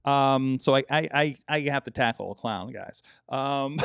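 A man's voice: mid-range voice, animated, takes it slowly, vocal fry, pauses often, fairly bright tone, smooth, no echo, clean studio sound. A man co-hosting a podcast in casual chat, rambling with many fillers and restarts and swearing often. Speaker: podcast co-host.

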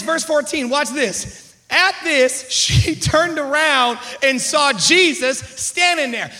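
A man preaching a sermon in a church, emphatic and full of call-and-response, swinging from quiet asides to shouts. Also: very high voice. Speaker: pastor. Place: church sanctuary.

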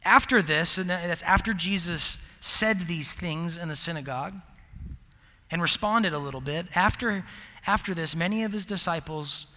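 Young guy preaching, kinda high bright voice, lots of ums, big echoey hall. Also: moderate pace. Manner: casual, rambling with fillers and restarts, laughs at himself. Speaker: campus ministry preacher. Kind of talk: sermon. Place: large hall with live audience. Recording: long hall reverb.

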